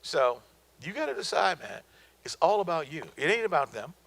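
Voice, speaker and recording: Lively, bright-voiced man giving a motivational talk. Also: on the high side, normal speed, gravelly, poor audio. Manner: emphatic, colloquial, storytelling with repeated punchlines. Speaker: guest speaker on business.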